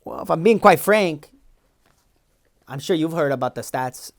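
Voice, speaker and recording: A man's voice: fairly high pitch, animated, measured pace, gravelly. A man playing a boastful young immigration agent. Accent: Los Angeles valley. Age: 20s. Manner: defensive, rambling, slangy. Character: young male Mexican-American immigration agent, defensive and boastful. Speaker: podcast co-host. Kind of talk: improvised comedy sketch.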